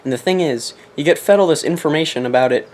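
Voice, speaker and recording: A young man vlogging from his apartment, joking in a deliberately ridiculous put-on accent and sermonizing in mock-serious fashion. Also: fairly high pitch, darkish tone. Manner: jokey, mock-preachy, laughs at himself. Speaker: competitive game player vlogging. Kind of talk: casual comedic monologue.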